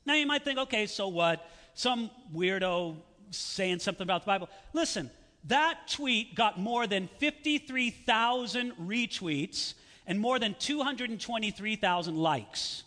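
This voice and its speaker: A man preaching a sermon in a lively, sarcastic way, with mocking asides to his listeners. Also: sits high, a little slow, big-room sound. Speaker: pastor.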